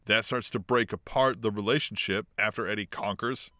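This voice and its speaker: Bright, dry-voiced man swearing casually. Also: on the low side, steady tone, moderate pace, no echo. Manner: profane, laughs often, reads chat comments. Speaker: podcast co-host. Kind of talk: casual chat.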